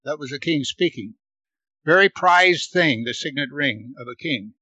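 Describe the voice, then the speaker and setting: A man's voice: lively intonation, measured pace, breathy edge, no room sound, rough recording. A man teaching verse by verse through a Bible passage, reading the verses aloud with force and then commenting, repeating words for emphasis. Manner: reads scripture aloud louder and higher, then comments.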